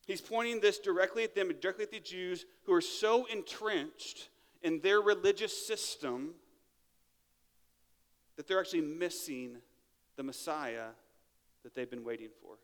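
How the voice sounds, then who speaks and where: A man's voice: sits high, measured pace, long pauses, big-room sound. A man preaching a sermon in a church, talking in a conversational way and often checking in with "right?". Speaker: pastor. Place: church sanctuary.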